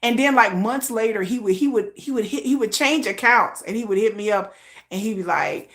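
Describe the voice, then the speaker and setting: A woman hosting a casual livestream from home, telling a story in animated, slangy talk and acting out the voices of other people. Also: on the high side, brisk. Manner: animated, slangy, acts out quoted voices with laughs. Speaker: livestream host.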